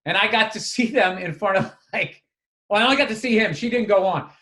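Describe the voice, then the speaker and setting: A man's voice: high voice, fairly quick, fairly bright tone. A man, a comedian and podcast co-host, rambling in casual, profane chat and restarting his sentences often.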